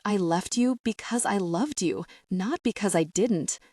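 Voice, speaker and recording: A woman's voice: mid-range voice, a little slow, a little mellow, no room sound, clean studio sound, lightly acted. A woman reading the lines of an anguished young man confessing old trauma, in a strained, choked voice. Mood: broken. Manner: strained, choked, hissing delivery. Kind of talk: audiobook character reading.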